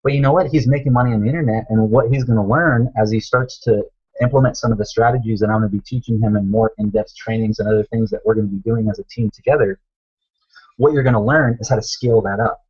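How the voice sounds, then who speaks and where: A man's voice: on the low side, fast talker, a little mellow, breathy edge, lo-fi sound. A man coaching viewers on a live stream, talking emphatically, repeating himself and calling them guys. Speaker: online business coach. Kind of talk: motivational live stream talk.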